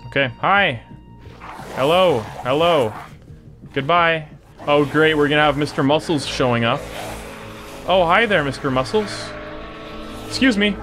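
A young man giving let's play commentary, excitable and taunting the enemies on screen. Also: fairly high pitch, measured pace, pauses often, faint music behind. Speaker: gaming YouTuber.

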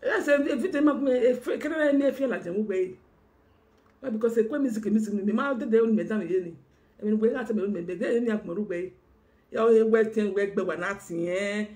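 Nigerian woman, rapid and scolding. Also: mid-range voice, mellow. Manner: rapid, mixing languages, scolding. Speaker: guest. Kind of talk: heated conversational exchange.

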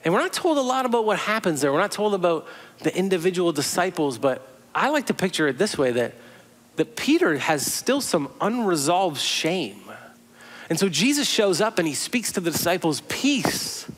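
A man's voice: high-pitched, sing-song, normal speed. A male pastor preaching a sermon in a conversational storytelling way, full of imaginative asides.

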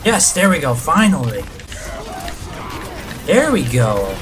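Excitable male gamer, lively pitch. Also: takes it slowly, music in the background. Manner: excitable, reacts loudly to the action, mutters to himself. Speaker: gaming channel host. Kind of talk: live gameplay commentary.

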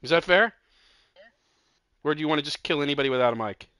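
A man with a bright, forceful voice set a little high, laying down rules and teasing his friends as they play an online shooter. He talks in loose, joking bursts. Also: fast, smooth, dry recording. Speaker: gamer on a stream. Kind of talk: casual gaming chat.

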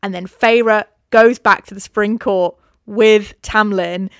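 Gravelly woman, chatty and sweary. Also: medium pitch, steady tone, no room sound, clean studio sound. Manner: swears freely, retells plot with quick quoted voices. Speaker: podcast co-host. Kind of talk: casual book-club chat.

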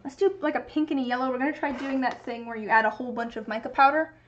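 High-voiced woman musing on stream. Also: fast talker, lo-fi sound, slight background noise. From United States. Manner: rambling, musing aloud, reading chat. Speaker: livestreamer. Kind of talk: casual crafting livestream chat.

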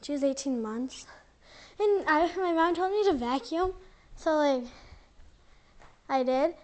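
A woman's voice: high voice, expressive, slow, a little mellow. A young woman from the United States chatting casually at home in a bubbly, rambling vlog, full of "like" fillers. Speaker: vlogger.

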